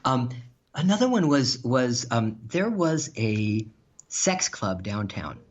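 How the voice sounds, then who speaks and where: A man of medium pitch takes his time recounting funny anecdotes as a podcast guest, laughing as he talks. His casual storytelling is animated, and the audio is dull lo-fi.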